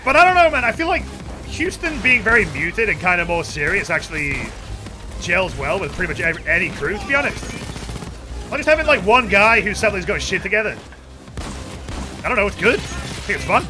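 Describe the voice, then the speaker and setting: A young man giving goofy, excitable commentary while streaming a game, with sudden yells. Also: high-pitched, a little fast. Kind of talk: casual gaming commentary. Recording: game music playing behind.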